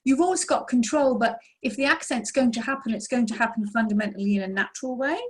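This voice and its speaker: A woman's voice: fairly high pitch, fast talker, husky. A woman answering questions as a mediumship teacher in an online session, explaining in an encouraging way.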